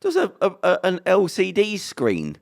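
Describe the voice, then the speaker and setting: A jokey man in relaxed podcast chat, telling an anecdote. His voice rises and falls a lot, and he quotes people in passing. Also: sits high, normal speed, vocal fry. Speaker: podcast co-host. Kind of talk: casual chat.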